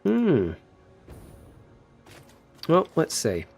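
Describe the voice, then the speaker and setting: A man's voice: on the high side, huge pitch swings, drawn-out words, creaky, darkish tone, faint music behind. A man casually chatting on a gameplay livestream, muttering to himself while building and answering his chat. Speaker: streamer.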